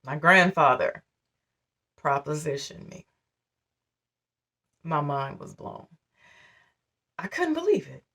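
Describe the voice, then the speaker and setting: A woman's voice: low-pitched, sing-song, slow, long pauses, bright, forceful tone, husky. Woman in her 40s vlogging, candid and emotional, kinda far from the mic. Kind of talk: personal storytelling to camera.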